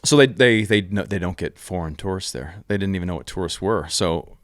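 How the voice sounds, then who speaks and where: A man's voice: deep voice, a little fast, dry recording. Man telling a travel story, dry sound. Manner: animated, swears casually, many restarts. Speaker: podcast guest, traveler. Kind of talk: casual storytelling. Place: podcast studio.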